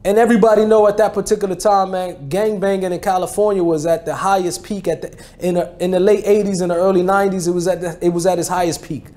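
Man in his 40s from New Jersey, high but mellow voice, slangy personal storytelling. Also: fairly even intonation, fast talker, few pauses. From New Jersey, USA. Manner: casual street slang, frequent "you know what I mean" and restarts. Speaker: former rapper telling his life story.

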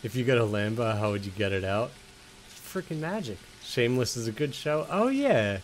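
A man's voice: medium pitch, animated, moderate pace, slight background noise. A man casually commenting while playing a video game, joking with the characters and answering chat. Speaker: game streamer. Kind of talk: casual let's-play commentary.

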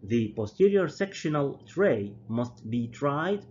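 A man, a native Arabic speaker, giving a university dental lecture slowly and deliberately, often repeating and correcting his terms. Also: medium pitch, big pitch swings, a little mellow, a little hiss or hum. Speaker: dental professor. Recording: dull lo-fi lecture recording.

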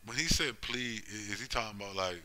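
Forceful deep-voiced man preaching. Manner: rhetorical, keeps asking "right?" and "you see?"; emphatic, slows down to stress scripture. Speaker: religious commentator. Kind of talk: preaching commentary on prophecy.

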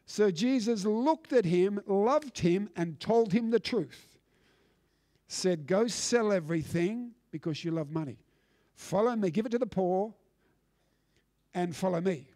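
Male pastor, sermon, high voice, emphatic, dry close sound. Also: expressive, measured pace, dark tone, no room sound. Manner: emphatic preaching with repeated restarts. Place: church.

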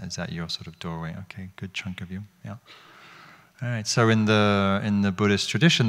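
A man's voice: low-pitched, fairly bright tone. A man teaching meditation to an audience in a hall, speaking reflectively and asking them questions, often restarting his phrases. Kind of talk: dharma talk.

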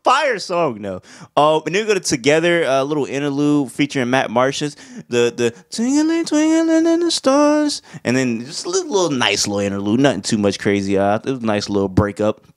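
A man's voice: medium pitch, lively intonation, a little fast. A young man giving a casual, slangy album review, laid-back and now and then humming along. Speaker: music reviewer.

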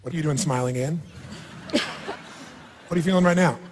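Blunt high-voiced man coaching in a hall. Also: normal speed, a little hiss or hum. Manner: blunt, provocative, swears freely. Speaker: seminar leader coaching a participant on stage. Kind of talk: live seminar coaching. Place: large hall with audience. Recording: long hall reverb.

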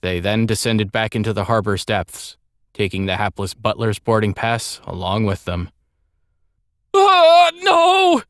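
A man reading a story aloud as an audiobook narrator, in a measured, expressive way. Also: lowish voice, no room sound, clean studio sound. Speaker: audiobook reader.

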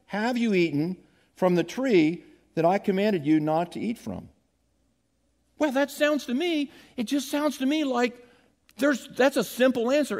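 A man preaching a sermon as pastor, animated, acting out quoted lines and leading the congregation in call-and-repeat. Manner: animated, acts out quotes with big pitch jumps, has congregation repeat lines.

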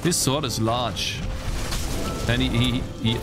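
A man streaming live gameplay, chatting to viewers and reacting excitably. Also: medium pitch, takes it slowly. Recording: game music underneath.

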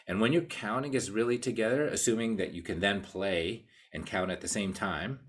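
A man with an American accent giving a casual live online cello lesson, explaining ideas and counting beats out loud. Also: lowish voice, normal speed, few pauses. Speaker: cello teacher. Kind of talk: live online masterclass talk.

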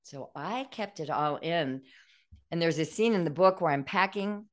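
An older woman speaks in a low, earnest voice as a guest on a podcast. She recounts a painful personal story with feeling, taking her time and staying open about her emotions. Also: normal speed. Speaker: guest author. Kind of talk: podcast interview.

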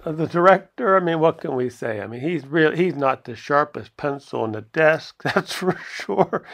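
Gravelly, rambling male movie reviewer. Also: medium pitch, normal speed, fairly bright tone. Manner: rambling, chuckling often, with asides. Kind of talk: casual video review commentary.

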